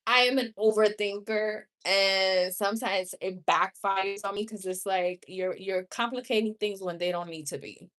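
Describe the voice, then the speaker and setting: A woman's voice: mid-range voice, fairly even intonation, a little slow, a bit bright. A woman in her thirties with a New York accent, chatting casually with viewers on a live stream, laughing often and wandering into asides. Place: home room.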